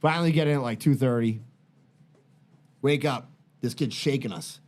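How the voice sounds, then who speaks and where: Profane rambling storyteller. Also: male voice, medium pitch, moderate pace, a little mellow. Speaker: podcast host. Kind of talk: casual storytelling chat.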